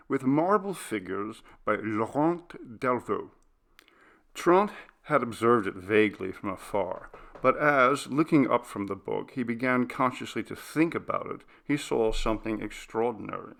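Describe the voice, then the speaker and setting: Male audiobook narrator, slow and deliberate, gravelly middle voice. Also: lowish voice, a bit bright. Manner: measured, deliberate reading.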